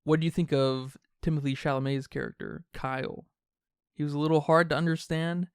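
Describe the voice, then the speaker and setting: Fairly high-voiced man chatting about film. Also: fairly even intonation, a little fast, clean tone, no room sound, clean studio sound. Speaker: podcast co-host. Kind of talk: casual film discussion.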